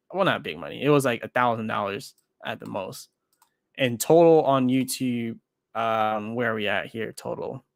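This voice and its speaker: A man talks casually on a livestream, rambling and correcting himself mid-sentence as he thinks aloud. His pitch sits in the middle for a man. The sound is dry and close to the mic. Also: fairly bright tone, dry recording. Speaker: crypto trading streamer.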